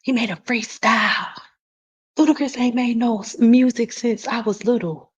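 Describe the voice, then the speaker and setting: A woman's voice: a little high, moderate pace, breathy edge, muffled recording. A woman who works as a cosmetologist, speaking bluntly and emphatically in a casual vlog, swearing freely and addressing her viewers directly. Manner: talks straight to the audience, calls them y'all.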